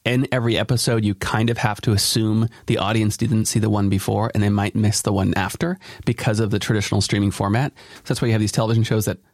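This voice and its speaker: A man hosting a daily podcast in a casual chat, animated and laughing often. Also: lowish voice, fast, no echo, clean studio sound. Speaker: podcast host.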